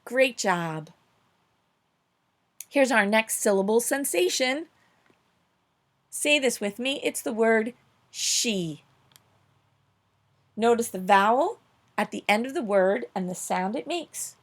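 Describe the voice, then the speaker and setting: A woman leads a recorded phonics lesson for young children. She sounds upbeat and encouraging, praising often and slowing down to stress each example word clearly. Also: a little high, animated. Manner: upbeat, encouraging, slow clear emphasis on words. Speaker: teacher.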